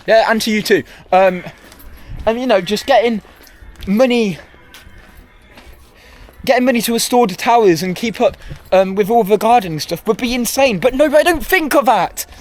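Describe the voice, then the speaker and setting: A man's voice: high-pitched, moderate pace, pauses often, faint music behind. A young man, vlogging outdoors at a theme park, ranting and rambling with frequent self-corrections. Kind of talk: walking vlog commentary. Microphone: handheld camera.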